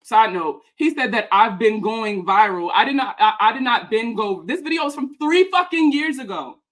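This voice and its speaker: A woman who makes personal finance videos reacts to a video about her, ranting fast in a heated, profane, sarcastic and mocking way. Her voice is fairly high with lively intonation.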